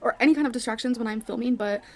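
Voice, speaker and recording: Quick-talking woman vlogger, apologetic. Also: a little high, a little mellow. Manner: apologetic, chatty, giggly asides. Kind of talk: casual vlog talk, reading notes aloud.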